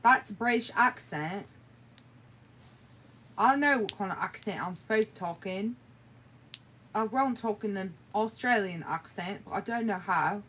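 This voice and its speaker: A woman's voice: medium pitch, a little slow, pauses often, a bit bright, slight background noise. A sleepy young woman rambling and swearing casually while livestreaming from bed on her phone at night. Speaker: live streamer. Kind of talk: late-night livestream chat. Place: in bed in a bedroom.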